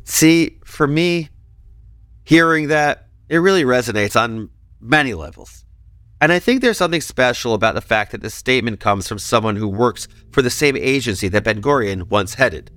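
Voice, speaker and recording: A man's voice: medium pitch, lively intonation, moderate pace, a bit bright, dry recording. Man narrating history with playful asides. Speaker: podcast host and narrator.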